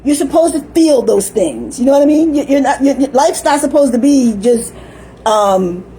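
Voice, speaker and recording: Older lady rambling on slow, high mellow voice, laughs a lot, faint hum behind. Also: lively intonation, poor audio. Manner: meandering, chatty, laughs often, acts out voices. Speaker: vlogger. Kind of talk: rambling casual monologue.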